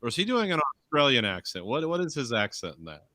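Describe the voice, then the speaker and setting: A man's voice: mid-range voice, huge pitch swings, fast talker, bright, forceful tone, no echo. A man co-hosting a podcast in casual chat, reeling off facts with hesitant fillers. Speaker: podcast co-host.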